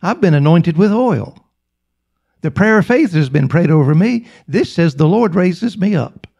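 A man's voice: high-pitched, lively intonation, measured pace, gravelly, darkish tone, slightly rough, exaggerated voice. A man voicing a bedridden young woman who insists on her faith, repeating herself without wavering. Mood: insistent.

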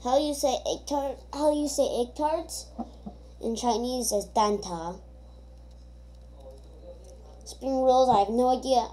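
A woman's voice: high voice, slow pace, long pauses, warm tone. A woman giving casual gameplay commentary, rambling and thinking aloud with many hesitations. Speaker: gamer.

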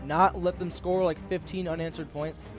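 A high-voiced young man rages through his basketball game, swearing nonstop and yelling at his players. His commentary bursts loud and high over clear game music playing behind him. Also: steady tone, normal speed. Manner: swears constantly, yells and curses at the game. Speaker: gaming channel host. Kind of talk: raging live gameplay commentary.

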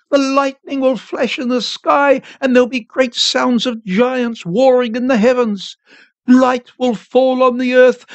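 A man playing a shrill old wise woman. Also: exaggerated voice. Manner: shrill chanting cries. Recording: dry, slightly dull home studio.

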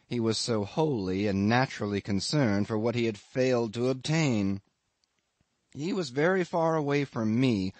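A man narrating a classic novel as an audiobook in a measured, reflective storytelling manner. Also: lowish voice, a little mellow, no echo. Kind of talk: scripted literary narration.

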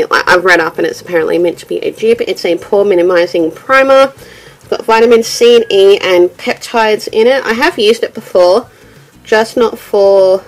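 A young woman talks through a relaxed beauty vlog, her voice nasal and stuffy. There's a gravelly edge of fry in her speech as she rambles on in a chatty way. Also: mid-range voice. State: nasal from bronchitis. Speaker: beauty vlogger. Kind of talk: chatty get-ready-with-me vlog.

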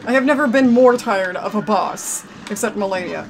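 A woman's voice: medium pitch, normal speed, faint music behind. A woman commentating a video game, grumbling with exasperation and breaking into sudden outbursts. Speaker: gaming commentator. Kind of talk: frustrated let's-play commentary.

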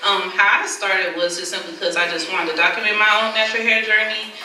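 A woman from Pensacola, Florida, speaking quickly and eagerly on a panel. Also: medium pitch, steady tone, sharp tone, slight background noise. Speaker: vlogger, panelist. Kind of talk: panel discussion. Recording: echoey hall, far mic.

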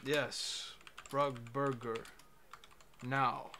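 A man's voice: mid-range voice, little pitch movement, extremely slow, pushed and bright, a little hiss or hum. A young man streaming, teasing a chatbot with crude, mocking remarks. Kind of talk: casual livestream commentary.

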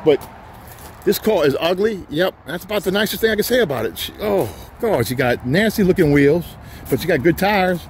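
A man pitching used cars outdoors, talking in folksy, joking salesman patter. His voice sits a bit high for a man. Faint outdoor noise hums behind him. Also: lively intonation, a little fast. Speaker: used car dealer. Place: outdoors on a rainy car lot.

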